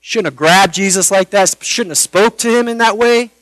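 A man preaching a sermon, earnest, with dramatic pauses and rhetorical questions. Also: high voice, fairly bright tone, no echo, low-quality recording. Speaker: pastor.

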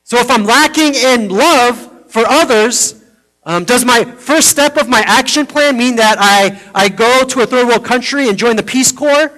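A pastor preaching a sermon to his congregation, earnest, moving between teaching and soft personal storytelling. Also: very high voice, measured pace, low-quality recording. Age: adult, parent of a foster daughter. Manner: earnest, drops softly into personal stories.

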